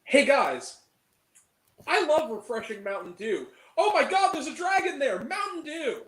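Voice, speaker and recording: A gushing, overexcited soda-commercial pitchman, as a man puts him on, squealing high and swooping all over the place. He sells with cheesy, breathless glee. The voice rings in an echoey room. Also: very animated, a little slow, fairly bright tone, full character voice. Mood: giddy hype.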